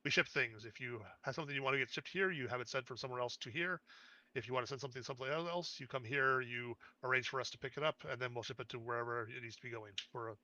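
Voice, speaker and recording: A tired, businesslike cashier woman at a shipping counter, as a man puts her on. Her answers are flat and matter-of-fact, her tone sharp and bright. The sound is dry and a little dull. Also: mid-range voice, quick pace, no echo.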